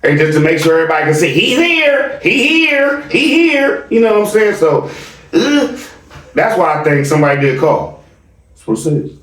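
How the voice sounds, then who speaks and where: A man's voice: fairly high pitch, expressive, brisk, long pauses, recorded from a distance. Teasing slangy guy reacting to comments, sits back from the mic, room echo. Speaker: channel host. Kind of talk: casual commentary chat.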